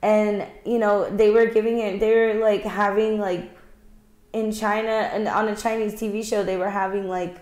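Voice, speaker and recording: A woman's voice: mid-range voice, flat delivery, moderate pace, a little mellow. A woman co-hosting a casual podcast, telling a long story in a rambling way, full of fillers and restarts. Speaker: podcast co-host. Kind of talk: casual chat. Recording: roomy echo.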